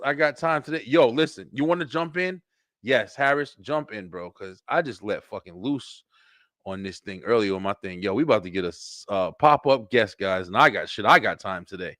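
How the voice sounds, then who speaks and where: A man hosting a webshow, talking in a rambling, profane, animated livestream monologue with lots of fillers and repeats. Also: on the low side, moderate pace, no room sound, studio quality. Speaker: webshow host.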